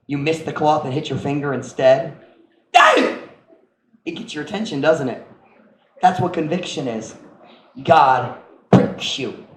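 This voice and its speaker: A middle-aged man preaching a sermon as pastor, animated, acting out voices and sound effects and mixing in Cebuano phrases. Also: a little high, moderate pace. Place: church sanctuary. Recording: echoey church room with faint noise.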